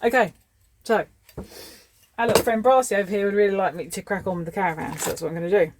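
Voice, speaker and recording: A woman's voice: medium pitch, steady tone, fast, slight background noise. A woman in her thirties chatting casually as she sorts through scrap, thinking aloud. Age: 30s. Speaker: scrapping vlogger. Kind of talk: casual commentary while sorting scrap.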